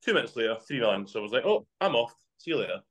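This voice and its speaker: A man co-hosting a casual football podcast, ranting and telling stories about matches. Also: mid-range voice. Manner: fast, ranting, animated storytelling. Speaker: podcast co-host.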